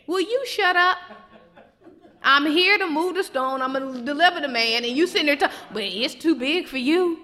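A woman preacher voicing an exasperated adult male Jesus who scolds the doubters in a sassy, loud, rapid-fire way. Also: high voice, animated, voice pushed up. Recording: long hall reverb.

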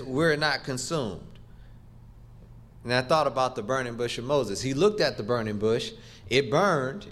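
A man's voice: mid-range voice, a bit bright. A middle-aged man preaching a sermon, emphatic and rhythmic, leaning on repeated phrases and rising for stress.

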